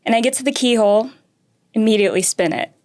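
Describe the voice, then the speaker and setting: A woman's voice: a little high, fast, darkish tone. A young woman, a karting racer, telling a long story from her racing start in a casual interview, acting out quotes and laughing often. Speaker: karting racer, podcast guest.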